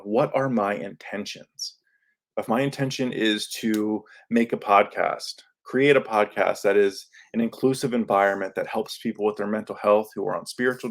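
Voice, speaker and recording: A man hosting a podcast, talking earnestly in a casual, coaching way into a microphone, with many fillers. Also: fairly low pitch. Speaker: podcast host. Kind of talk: solo podcast talk. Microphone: studio microphone.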